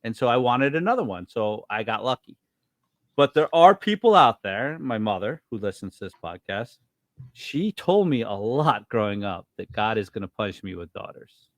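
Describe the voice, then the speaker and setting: A man's voice: normal speed, dry recording, clean studio sound. A middle-aged man co-hosting a podcast, telling stories in casual chat and acting out quotes with big jumps in his voice. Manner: animated storyteller, acts out quotes with big pitch jumps. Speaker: podcast co-host.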